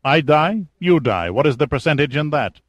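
A man's voice: fairly high pitch, lively intonation, normal speed, dry recording, pitched above the performer's own voice, lightly acted. A man voicing a cold, commanding military general in an audiobook, speaking in a clipped, threatening way. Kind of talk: audiobook character voice.

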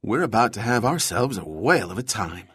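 A man voicing an excitable young weapons officer. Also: fairly low pitch, breathy edge, dry recording, studio quality, heavily acted. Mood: triumphant. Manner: eager, rapid technical talk.

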